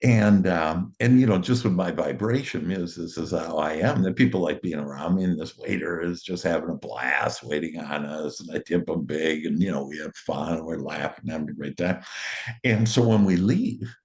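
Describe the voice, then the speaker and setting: A man's voice: low voice, moderate pace, a little mellow, dull audio. A man, an author and motivational speaker, telling a cheerful anecdote casually and chuckling often as he goes. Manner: cheerful and upbeat.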